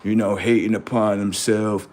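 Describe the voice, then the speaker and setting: A man's voice: lowish voice, little pitch movement, moderate pace, a little mellow. A man hosting a livestream, preaching in a confrontational way with rhetorical questions and street slang. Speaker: livestream host.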